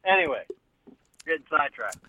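A man's voice: fairly high pitch, very animated, a little fast, sharp tone, no echo. A man calling in by phone from outdoors to a casual sports chat, laid-back with short, dry replies. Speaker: co-host on a call. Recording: tinny phone line.

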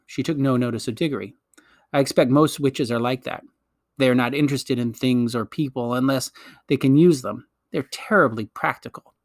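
A man narrating a children's storybook aloud with a measured storytelling delivery. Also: mid-range voice, dry recording, studio quality. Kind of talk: storybook audiobook reading.

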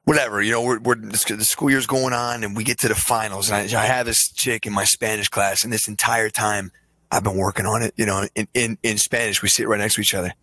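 Crude, animated young man. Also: lowish voice, fast talker, no room sound. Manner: animated and crude, swears freely. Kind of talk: casual storytelling chat.

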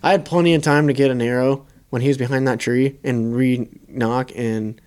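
A young man, co-host of a podcast, casually telling a hunting story in a relaxed, profane way. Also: medium pitch, normal speed, clear, resonant tone.

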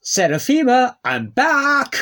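Brief: man playing a pompous scientist, husky, lively swooping delivery. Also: medium pitch, a little slow, exaggerated voice. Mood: boastful. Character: excitable Russian scientist, pompous and proud.

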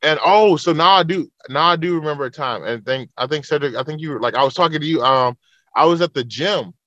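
Guy on a podcast telling a story, cussing a lot, kinda high voice, dull dry audio. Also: fast talker, fairly bright tone, no echo. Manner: swears freely, tells stories with acted-out quotes. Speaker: podcast guest. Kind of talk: casual podcast chat.

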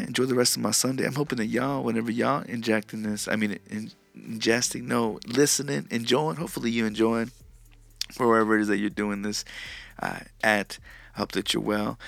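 A man's voice: lowish voice, gravelly, a bit bright. A man hosting a solo podcast, rambling crudely in a casual monologue and often cutting himself off. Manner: crude, rambling, self-interrupting. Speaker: podcast host.

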